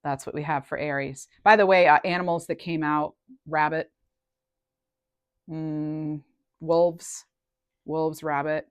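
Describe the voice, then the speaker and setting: Slow and smooth, a low-pitched woman works through a casual collective tarot reading with long pauses and little movement in her pitch. She chats as she thinks aloud, often drifting off mid-thought and restarting, and there's no echo.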